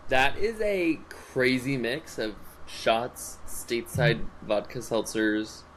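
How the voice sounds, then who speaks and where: Young male co-host, lively pitch, rambling storyteller, casual podcast chat, faint hiss. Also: slow, low-quality recording.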